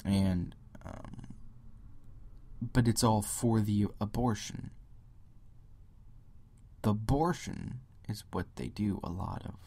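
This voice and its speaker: A man's voice: lowish voice, takes it slowly, pauses often, mellow. A young man hosting a solo podcast, ranting and mocking other views with impressions and sudden whispers. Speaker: podcast host. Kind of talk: solo political rant.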